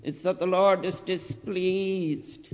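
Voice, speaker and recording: A man preaching a sermon, earnest and deliberate, repeating his phrases and rising to emphatic pleading. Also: high-pitched, fairly even intonation, a little mellow. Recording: dull lo-fi recording with long hall reverb.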